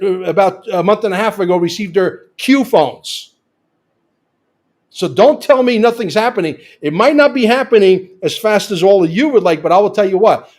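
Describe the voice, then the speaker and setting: A man's voice: high-pitched, darkish tone. A man speaking as a guest in casual conversation, emphatic and repetitive, with frequent restarts.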